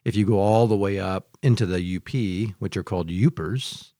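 Joking host, low voice. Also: male voice, normal speed, no room sound, clean studio sound. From Michigan, United States. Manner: lively, joking storyteller. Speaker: podcast host. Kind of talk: casual conversation.

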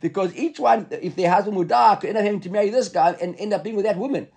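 Male Talmud teacher, quick and raspy, reads the text then explains it, halting delivery. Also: high-pitched, darkish tone. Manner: reads the Hebrew text aloud and then explains it in English, hesitant. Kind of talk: Talmud study lesson.

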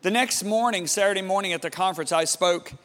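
A man preaching a sermon, telling a story dramatically and dropping to a hushed, awed tone. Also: high-pitched, fast talker, in a large hall. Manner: dramatic, swings from loud emphasis to hushed awe.

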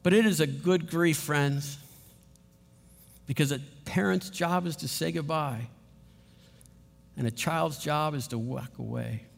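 A man's voice: fairly high pitch, measured pace, creaky, pauses often, in a large hall. A middle-aged man preaching a sermon, telling a heartfelt family story with repeated phrases, then leading a prayer. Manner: personal storytelling, emotional, repeats himself. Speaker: pastor.

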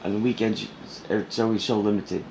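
A man's voice: on the low side, fairly even intonation, a little fast, noisy background. A man chatting casually at home, laid-back and blunt, with mumbled asides. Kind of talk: casual chat.

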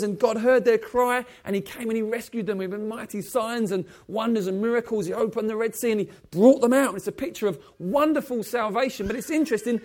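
A man preaching a sermon, swinging from loud exclaiming passages to soft, low, intimate ones and asking the congregation questions. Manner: asks the congregation direct questions.

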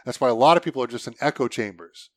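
A man's voice: mid-range voice, racing, no echo, studio quality. A man in casual conversation, blunt and opinionated, swearing freely as he argues his points. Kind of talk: casual podcast chat.

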